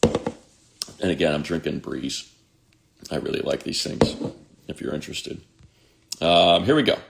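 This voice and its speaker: A man's voice: very deep voice, a little slow, gravelly, heavy background noise. A man in his fifties, a sports radio host, chatting casually on a livestream and reading viewer comments aloud in a rambling way.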